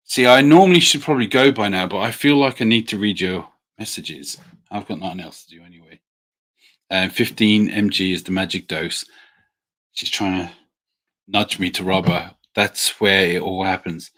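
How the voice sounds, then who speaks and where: A man with a very deep voice chats casually with viewers on a livestream. He is friendly and hesitant, filling pauses with ums and quick apologies. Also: fairly bright tone. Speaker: livestream host. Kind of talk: casual live Q&A chat.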